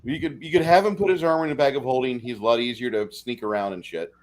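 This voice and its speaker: A man's voice: mid-range voice, fast, a crowd in the background. A man narrating as game master of a tabletop game, casual and profane, often laughing.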